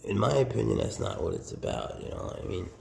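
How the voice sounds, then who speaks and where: A man who keeps snakes, chatting casually to camera and cooing baby talk to a snake, often dropping into a whisper, then giving relaxed handling advice. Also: on the low side, quick pace, creaky, roomy sound, slight background noise. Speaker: snake keeper.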